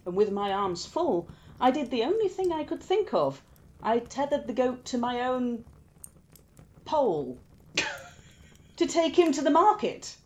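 A woman voicing a sly, mischievous male trickster god in a told myth, playful and squeaky when straining. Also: huge pitch swings, measured pace, pauses often, a little mellow, exaggerated voice.

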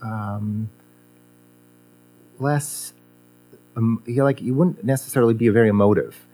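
A man's voice: mid-range voice, unhurried, mellow. A man, a former guitar teacher, reminiscing in casual conversation, rambling with many fillers and restarts.

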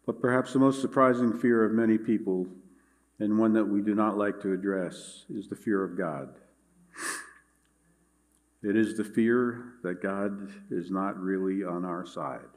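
A man preaching a sermon, reading scripture and speaking in a measured, earnest way. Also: on the low side, darkish tone. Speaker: pastor.

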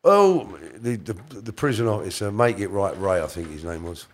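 A middle-aged man, appearing as an interview guest, rambles through a casual story, correcting himself and slipping into quoted voices. His voice sits on the low side, animated, at a normal speed.

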